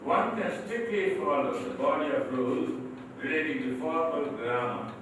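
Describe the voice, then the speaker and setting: A man lecturing slowly and deliberately on English grammar at a training session. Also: a little high, animated. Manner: slow, deliberate classroom explanation. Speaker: communication skills trainer. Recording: echoey hall from far off, faint noise.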